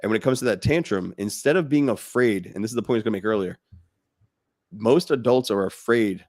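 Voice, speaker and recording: A man's voice sits on the low side and moves fairly quickly, recorded dry with clean studio sound. Co-hosting a fatherhood podcast, he chats casually, bluntly and animatedly, mocking others through quoted voices for laughs.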